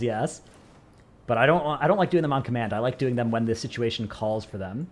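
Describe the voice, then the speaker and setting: An American man with a mid-range voice talks a little fast on a live stream, answering chat. He rambles casually and keeps joking at his own expense.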